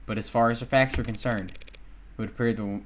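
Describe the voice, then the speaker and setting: A man voicing a cold, calculating male killer who narrates his own crimes in a measured, smug inner monologue, read from a story game. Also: mid-range voice, fairly even intonation, slight background noise, close to an everyday voice. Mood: calm, measured. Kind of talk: reading a game's dialogue aloud.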